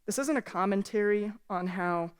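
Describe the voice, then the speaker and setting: A woman's voice: medium pitch, normal speed, clear, resonant tone. A woman pastor giving a sermon from a church stage, earnest and conversational, speaking candidly to the congregation.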